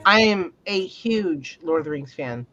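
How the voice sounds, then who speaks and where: A woman's voice: lowish voice, expressive, a little slow, a bit bright, dull audio, soft background music. A woman co-hosting a livestreamed podcast in casual chat, chatty and laughing between remarks. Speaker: podcast co-host.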